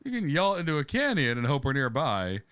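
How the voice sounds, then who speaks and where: A man's voice: a little high, wildly swooping pitch, fast talker, a bit bright, clear, resonant tone, no room sound. A man co-hosting a podcast, joking around in casual chat and often trailing off mid-sentence. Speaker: podcast co-host.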